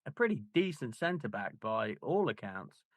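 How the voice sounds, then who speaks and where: A man's voice: medium pitch, very animated, normal speed, dry recording. A man co-hosting a book club podcast, chatting casually with wry, joking banter.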